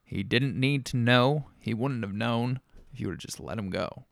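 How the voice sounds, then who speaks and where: A man's voice: fairly low pitch, normal speed, gravelly, a bit bright, no echo. A man voicing a menacing, commanding male council leader in a spoken story, snapping orders.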